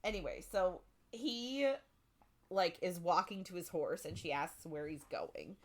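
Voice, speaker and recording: A woman co-hosts a casual book podcast, her voice fairly low, animated, and a little slow. She retells the plot in a rambling way, packed with "like" and "um."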